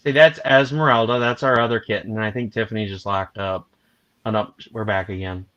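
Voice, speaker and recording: A man hosts a relaxed live stream and chats about his week. He tells his stories with energy and slips into voices when he quotes people. His tone is bright and forward. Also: on the low side, fairly quick, muffled recording. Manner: animated storyteller, acts out quotes. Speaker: livestream host. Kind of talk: casual chat.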